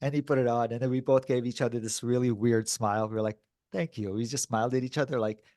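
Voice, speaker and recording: A man co-hosting a podcast in casual chat, telling a story in a lively way and acting out the voices of the people in it, often saying dude and bro. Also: medium pitch, fast, dry recording, studio quality. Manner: animated, acts out quoted dialogue. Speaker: podcast co-host.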